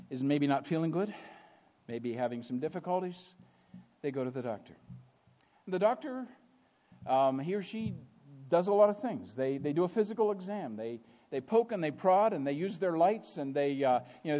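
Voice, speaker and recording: High-voiced man preaching with emphatic questions. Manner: emphatic, rhetorical questions, swings from quiet to loud. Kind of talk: sermon.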